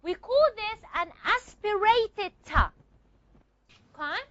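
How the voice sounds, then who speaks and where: A woman's voice: very high voice, lively intonation, takes it slowly, a bit bright, dry recording, muffled recording. A woman teaching a classroom lecture, repeating and modeling sounds and checking often that students follow.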